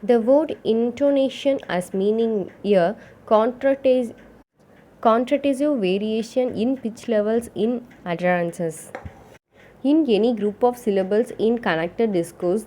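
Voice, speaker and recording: A woman reading a lecture text aloud in a steady, measured way, with some misreadings. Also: a little high. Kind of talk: read-aloud lecture on English phonetics.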